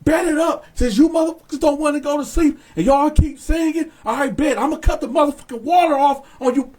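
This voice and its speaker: A man's voice: very high voice, normal speed, fairly bright tone. A man voicing an angry male jail officer who barks profane orders. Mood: furious.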